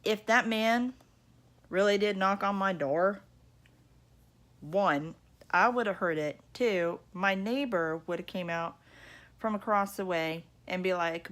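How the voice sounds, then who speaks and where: A woman's voice: medium pitch, a little slow, fairly bright tone. A woman vlogging from her apartment, telling a story to her viewers in a chatty, indignant way. She keeps checking in with them by asking "okay?" and "you know?". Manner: indignant, emphatic retelling. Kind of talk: casual storytelling to camera.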